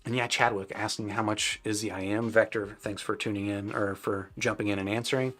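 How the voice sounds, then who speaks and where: A man's voice: lowish voice, steady tone, brisk, a bit bright, soft background music. A man hosting a live stream, casually answering viewers' chat questions with loose, rambling talk full of fillers and restarts.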